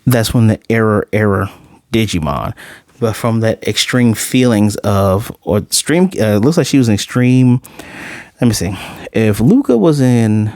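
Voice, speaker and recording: A man's voice: fairly low pitch, expressive, unhurried, a little mellow, no room sound, studio quality. A man reviewing an anime episode in a casual, rambling, blunt way.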